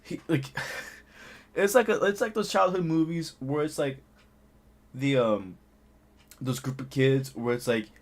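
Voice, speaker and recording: A man's voice: mid-range voice, unhurried, pauses often. A young man casually telling a school anecdote, laughing often and packing in fillers. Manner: loose, laughing, filler-heavy storytelling. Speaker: channel host.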